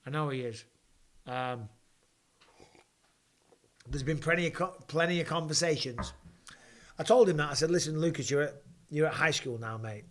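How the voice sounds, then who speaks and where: A man hosting a live fight watch party from home, chatting with viewers and reacting excitedly, with casual swearing. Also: fairly high pitch, moderate pace, long pauses. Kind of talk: live watch-along commentary and chat.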